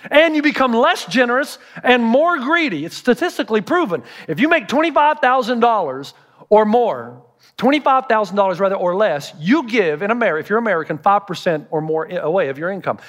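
A man's voice: high voice, very animated, fairly quick, a bit bright. A middle-aged man, a pastor preaching a sermon with humorous storytelling.

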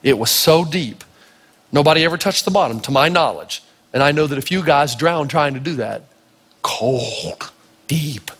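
A male pastor from Tennessee preaching a sermon full of stories, acting out voices and shouting for emphasis. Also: on the high side, expressive, normal speed, breathy edge, in a large hall. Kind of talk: sermon with storytelling.

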